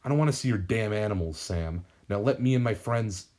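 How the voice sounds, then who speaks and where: A man's voice: on the low side, animated, brisk, a little mellow, lightly acted. A man voicing an earnest young male superhero, stern and worried. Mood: angry.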